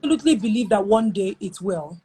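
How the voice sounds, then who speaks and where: A woman with a Nigerian accent, chatting as an interview guest and telling lively stories with quick asides. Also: medium pitch, husky. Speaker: guest, show host. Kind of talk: casual interview chat.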